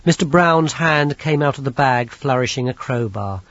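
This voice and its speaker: A man narrating an audiobook in a measured storytelling manner, with a husky voice. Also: mid-range voice, expressive, a bit bright, dry recording. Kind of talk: scripted narration. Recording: dull, lo-fi audiobook recording.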